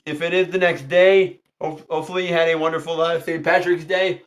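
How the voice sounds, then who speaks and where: Chatty high-voiced man hosting a livestream. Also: flat delivery, brisk. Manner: repetitive, chatty, greets viewers by name. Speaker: tarot reader hosting a livestream. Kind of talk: casual livestream chat.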